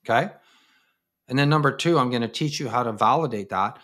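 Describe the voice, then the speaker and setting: A man's voice: mid-range voice, a little fast, a bit bright. A man hosting an interview as a counselor, talking bluntly and straightforwardly and acting out the people he quotes. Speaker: podcast host, counselor. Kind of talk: casual conversational interview.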